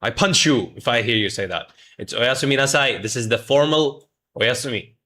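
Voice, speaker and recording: A man's voice: mid-range voice, moderate pace, sharp tone. A man teaching Japanese greetings on a livestream, joking around, mock-scolding chat and drilling pronunciation. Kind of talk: playful livestream lesson.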